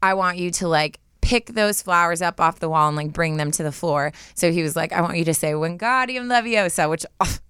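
A woman in her thirties co-hosting a casual chat, telling a story excitedly with quick bursts and frequent giggles. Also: lowish voice, clear, resonant tone, no echo, clean studio sound. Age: 30s. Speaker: podcast co-host.

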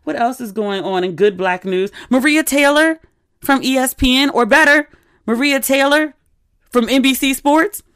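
A woman's voice: sits high, moderate pace, fairly bright tone, clean tone, no room sound, clean studio sound. A woman in her thirties hosting a podcast, telling candid stories in a casual chatty way with plenty of asides. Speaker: podcast host. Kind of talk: casual chat.

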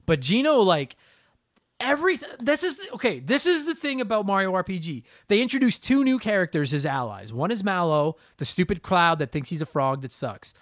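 A young man co-hosting a podcast, ranting in an animated, profane, casual way. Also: high-pitched, brisk, dry recording, clean studio sound. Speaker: podcast co-host. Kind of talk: casual chat.

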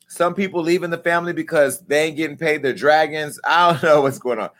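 Animated, profane male gossip host. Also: a little high, brisk. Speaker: commentary vlog host. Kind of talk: gossip and news commentary.

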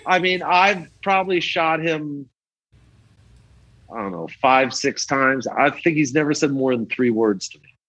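Older man, lively dry-voiced storyteller. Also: fairly high pitch, unhurried, dry recording, rough recording. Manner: animated, acts out the people in his stories. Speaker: rock photographer. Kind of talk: casual storytelling interview.

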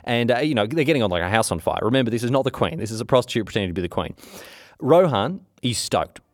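Aussie guy telling a history story, slangy and rambly, bouncy pitch, dry close sound. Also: big pitch swings, quick pace, dry recording. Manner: chatty and slangy with many fillers and asides. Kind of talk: casual storytelling.

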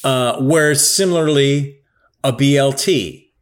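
A man's voice: mid-range voice, slow. A man talking in a casual, emphatic chat, swearing now and then.

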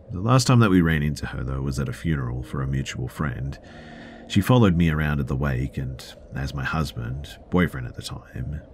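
Super deep-voiced guy reading out a personal story, calm and matter-of-fact, faint noise behind. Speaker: narrator. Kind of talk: first-person story narration.

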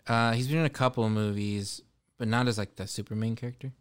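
A man's voice: mid-range voice, steady tone, quick pace, clean tone. Laughing, story-telling man. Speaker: podcast co-host. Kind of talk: casual chat.

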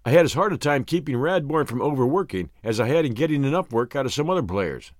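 A man's voice: medium pitch, lively intonation, quick pace, no room sound, lightly acted. A man reading an audiobook voices an earnest, worried baseball team manager in a dry recording.

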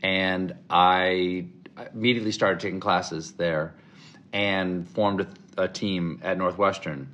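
A middle-aged man from the American South with a fairly low voice tells his stories in a casual interview. He talks in an animated way and puts on voices for the people he quotes. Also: slow. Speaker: interview guest, comedic actor.

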